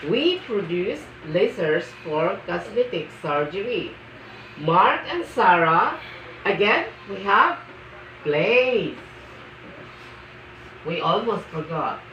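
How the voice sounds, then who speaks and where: Slow, emphatic woman teaching grammar. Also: lowish voice, big pitch swings, fairly bright tone, slight background noise. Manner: slow, emphatic reading of example sentences. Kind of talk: classroom grammar lesson. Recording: echoey, muffled room from a distance.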